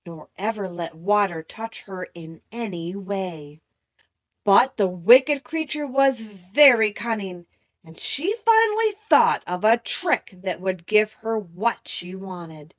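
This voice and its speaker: A woman reading a children's classic aloud as an audiobook narrator, steady and clear. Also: medium pitch, no room sound, muffled recording. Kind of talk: scripted storybook narration.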